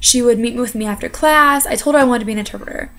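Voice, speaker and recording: A young woman speaks about her studies in a relaxed, rambling way. Her voice sits a little high. She leans on fillers and restarts as she goes. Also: quick pace. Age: young adult. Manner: chatty, many fillers and "you know". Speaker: interpreting student. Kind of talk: casual personal account.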